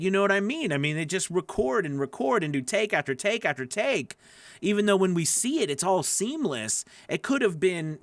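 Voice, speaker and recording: A man teaching audiobook narration in a loose, animated way, acting out sample readings and often restarting his sentences. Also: fairly high pitch, dry recording. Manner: animated, demonstrates readings, many fillers and restarts. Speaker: voice-over coach. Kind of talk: teaching talk to camera.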